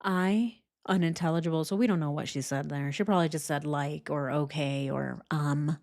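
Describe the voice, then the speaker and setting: A woman commenting on interview transcripts as a true crime host, animated and sarcastic, swearing often. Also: low-pitched, normal speed, gravelly.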